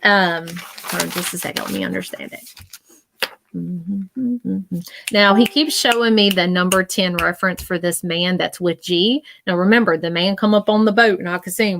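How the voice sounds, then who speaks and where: A woman's voice: mid-range voice, moderate pace, gravelly, fairly bright tone, dry recording. A woman giving a live-stream psychic reading in an earnest, reassuring, repetitive way, and she gets emotional as she talks. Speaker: psychic medium.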